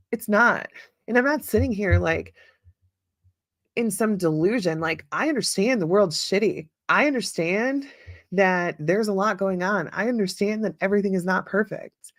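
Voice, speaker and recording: A middle-aged woman hosts her own podcast in a loose, upbeat chat, laughing often along the way. Her voice sits at a middling pitch with a gravelly, fry-touched edge. The recording is dry and close, with no room sound. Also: no room sound. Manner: chatty, upbeat, laughs often, many fillers. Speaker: podcast host. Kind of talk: casual solo talk with listener comments.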